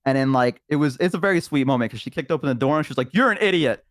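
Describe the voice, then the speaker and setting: A young man telling a long tabletop-game story with lots of fillers and restarts, his pitch sitting in an ordinary middle range. He is heard close and dry over a remote call, with no room sound behind him. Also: rapid-fire, no echo. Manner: rambling, filler-heavy storytelling. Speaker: stream guest.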